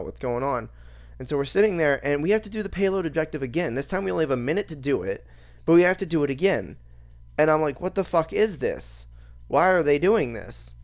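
A young man in casual chat, rambling and swearing freely as he rants about a video game. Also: medium pitch. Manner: rambling, profane, animated ranting.

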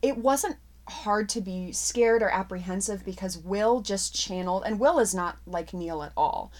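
A middle-aged woman, an actress, chatting in an interview, telling stories with animated laughter. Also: fairly low pitch. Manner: animated, laughs often, expressive storyteller. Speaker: actress guest. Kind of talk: casual interview chat.

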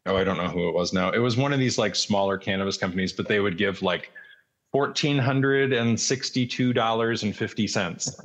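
A man's voice: lowish voice, fairly quick, fairly bright tone. A man in casual chat, explaining how the politics work in a matter-of-fact way.

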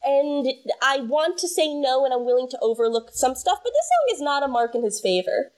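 A woman hosting a casual podcast, her voice sitting a touch high for a woman. She banters in a wry, opinionated way, quick to tease and to call things out. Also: big pitch swings, darkish tone. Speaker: podcast host. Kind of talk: casual chat.

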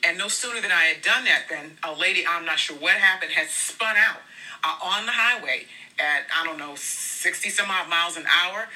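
An earnest devotional speaker shares personal testimony in a relaxed, conversational style. The voice has a very bright, edged timbre at a moderate pitch. It is recorded a little back from the microphone. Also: moderate pace. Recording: voice a bit far from the mic.

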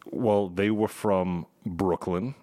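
A man's voice: deep voice, fairly even intonation, takes it slowly, mellow. A man from Long Island with a New York accent, co-hosting a podcast in laid-back, casual chat. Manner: laid-back, easygoing storyteller. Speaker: podcast co-host.

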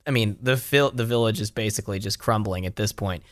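A man's voice: on the low side, brisk, no room sound, studio quality. A young man in casual chat, thinking aloud in a hesitant way.

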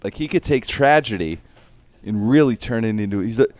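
Man, comedian, low voice, casual interview chat, rambling, reflective, says man a lot. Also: lively intonation, fairly quick, darkish tone, no room sound.

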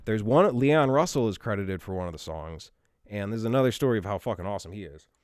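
A man's voice: on the low side, expressive, quick pace, darkish tone, no echo, studio quality. A man casually telling a long, profane story as a podcast co-host. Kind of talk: casual chat.

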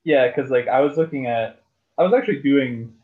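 Rambling on about basketball, this podcast co-host speaks fairly quickly in a medium-pitched voice, with plenty of filler words and swearing in a casual chat. His audio has a tinny, phone-like quality.

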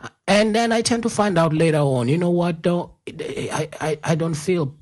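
A South African man with a Zulu first language, hosting a casual interview as a rambling storyteller who laughs easily and fills pauses with lots of "uh"s. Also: fairly high pitch, a little mellow. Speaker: podcast host.

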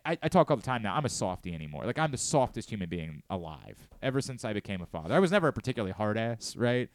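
On a close studio mic with no room sound, a medium-pitched man in his late thirties hosts a sports talk radio show. He talks candidly and earnestly, often restarting what he's saying.

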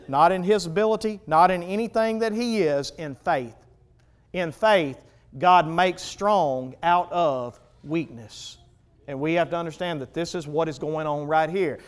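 A man preaching a sermon, swinging between loud emphatic peaks and hushed low passages. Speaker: pastor.

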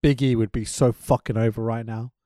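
A man's voice: medium pitch, a little fast, dry recording, clean studio sound. A man co-hosting a casual wrestling podcast, ranting with lots of swearing and indignation. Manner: animated, profane, indignant ranting.

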